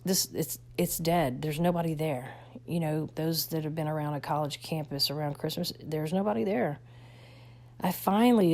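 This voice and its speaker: Woman, low voice, warm tone, halting heartfelt storytelling, restarts, soft whispered moments. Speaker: vlogger telling her life story. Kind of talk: emotional personal storytelling.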